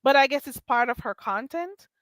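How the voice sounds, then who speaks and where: A woman's voice: sits high, lively intonation, normal speed, fairly bright tone, no room sound. A woman hosting a casual commentary show, talking in a blunt, emphatic and profane way.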